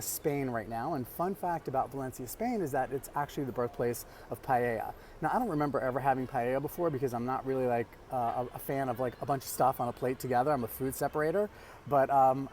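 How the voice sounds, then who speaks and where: A man's voice: medium pitch, a little mellow. Guy vlogging a travel story, chatty, lots of ums, faint background hum. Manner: chatty, many fillers and restarts. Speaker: vlog host. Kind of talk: casual storytelling vlog. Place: traveling abroad, outdoor ambience.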